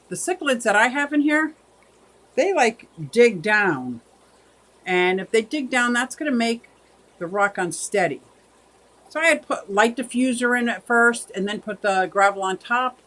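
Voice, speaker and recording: A woman's voice: medium pitch, a bit bright. A woman hosting a casual livestream, chatting with viewers in a rambling way and thanking them by name. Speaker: livestream host.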